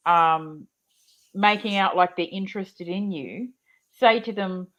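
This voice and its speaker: A woman's voice: medium pitch, takes it slowly, long pauses. A woman on a casual live chat, giving down-to-earth advice. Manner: advising, down-to-earth. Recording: dull lo-fi stream audio.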